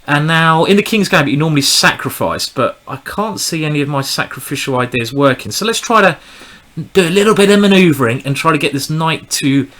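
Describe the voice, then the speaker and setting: A man's voice: fairly high pitch, pushed and bright. A man giving chatty, rambling live commentary on his own online chess game, often joking at his own expense. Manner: chatty, rambling, self-deprecating. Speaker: chess streamer.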